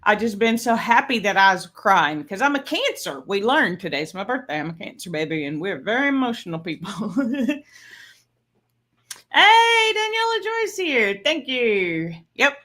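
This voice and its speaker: A woman's voice: mid-range voice, very animated, normal speed, fairly bright tone. A woman in her fifties chatting on a birthday livestream, telling stories and laughing often. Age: 50s. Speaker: livestream host. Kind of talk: casual birthday livestream chat. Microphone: streaming setup mic.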